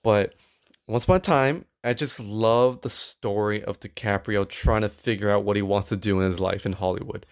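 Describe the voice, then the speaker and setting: A man co-hosting a podcast in casual chat, animated and stammering with quick asides. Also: lowish voice, smooth. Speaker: podcast co-host.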